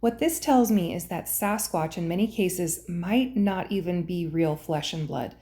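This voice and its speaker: A woman's voice: fairly low pitch, measured pace, noisy background. A woman hosting and narrating in an earnest, conspiratorial scripted style. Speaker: host and narrator.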